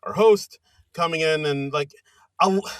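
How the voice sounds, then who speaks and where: A man co-hosting a podcast in casual chat, halting and chatty as he reviews comedy sketches. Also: a little high, fairly bright tone, clear, resonant tone, dry recording, studio quality. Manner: chatty, halting, with many fillers and restarts. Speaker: podcast co-host.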